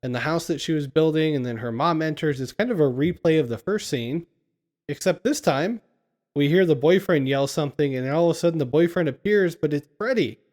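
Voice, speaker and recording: A man's voice: on the high side, brisk, a little mellow. A man casually recapping a film scene by scene on a podcast, laughing often as he retells it. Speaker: podcast co-host.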